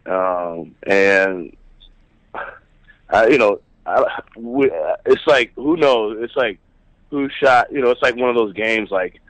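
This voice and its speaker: A male caller phoning into a talk show, chatting casually in a relaxed, rambling way with lots of fillers. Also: on the low side, slow, no room sound. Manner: relaxed, rambling, with many fillers like bro and man. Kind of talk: casual chat. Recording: dull lo-fi phone line.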